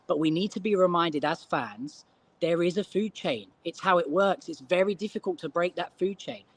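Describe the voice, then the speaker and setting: A man's voice: sits high, normal speed, dry recording. A man arguing points in a casual football fan debate, emphatic and often saying "you know".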